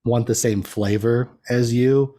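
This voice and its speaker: A man's voice: medium pitch, steady tone, a little slow, mellow. A man as a podcast guest, chatting casually in a rambling way and laughing often at himself. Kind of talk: casual chat.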